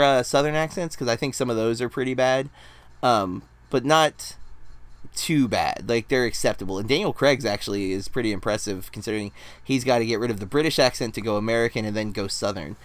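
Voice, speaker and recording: A man's voice: medium pitch, brisk. A man co-hosting a podcast in casual chat, rambling with lots of fillers. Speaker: podcast co-host.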